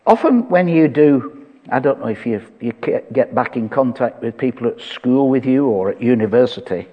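Husky male preacher in echoey hall. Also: medium pitch, animated, normal speed, dull audio. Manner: conversational, reads scripture aloud with light humor. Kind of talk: sermon.

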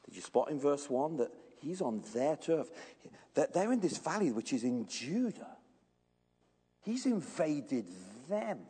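Animated preacher in echoing church. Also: male voice, on the high side, a little slow, breathy edge. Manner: animated storytelling, asks the congregation questions. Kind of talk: sermon.

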